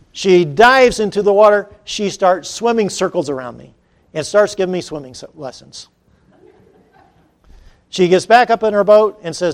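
A man preaching a sermon, telling a story with lively swings from quiet to shouted cries. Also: high voice, normal speed.

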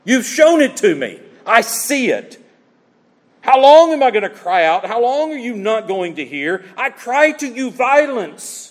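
A man's voice: very high-pitched, sing-song, measured pace, pitched above the performer's own voice, heavily acted. A man voicing an anguished male prophet in a raised, pleading outburst to God. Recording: long hall reverb.

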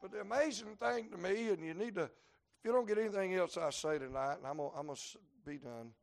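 A man, preaching a sermon to a congregation. He moves between quiet, folksy asides and shouted climaxes. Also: sits high, lively intonation, quick pace, gravelly. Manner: folksy humor, plainspoken dialect. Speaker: traveling preacher. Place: church building before a congregation.

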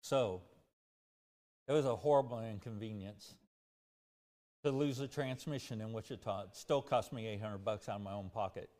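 A man's voice: on the low side, normal speed, pauses often, mellow. Earnest male preacher in a reverberant hall. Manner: earnest, drawing a lesson. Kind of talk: sermon. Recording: long church hall reverb.

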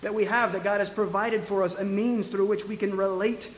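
High-voiced pastor preaching in a reverberant hall. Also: male voice, steady tone, a little hiss or hum. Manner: earnest, exhorting, with quick asides and restarts. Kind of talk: sermon.

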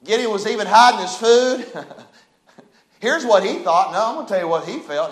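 Preaching at a moderate pace, a pastor with a strikingly high voice rattles off rhetorical questions. His sermon swings from near-whispered asides up to loud cries, and the sound rings through a reverberant church.

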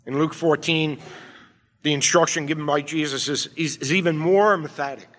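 A man preaching a sermon as pastor, emphatic, swinging between quiet, low passages and loud, urgent appeals. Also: fairly even intonation, moderate pace. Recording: long hall reverb.

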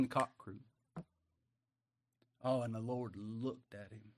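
A man preaching a sermon in a folksy, emotional way, dropping quiet and then rising loud. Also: fairly low pitch, fairly even intonation, slow, long pauses.

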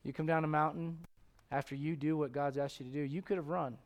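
A middle-aged man preaching a sermon as pastor, animated, swinging from loud exclamations to hushed tones and acting out voices in his stories. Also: fairly high pitch, fairly quick. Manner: acts out voices in his stories, chuckles often.

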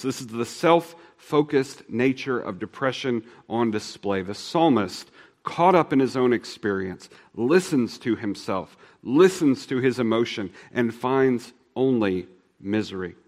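A man's voice: medium pitch, big-room sound. Earnest man preaching a sermon. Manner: earnest, shifts between fast and slow, drops soft for emphasis. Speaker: pastor.

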